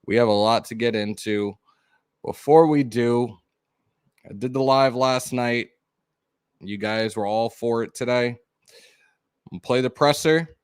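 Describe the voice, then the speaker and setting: A man hosting a live sports podcast, talking loud and excited with plenty of swearing. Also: mid-range voice, unhurried, pauses often, smooth, no room sound, studio quality. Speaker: podcast host. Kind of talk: casual live-stream chat.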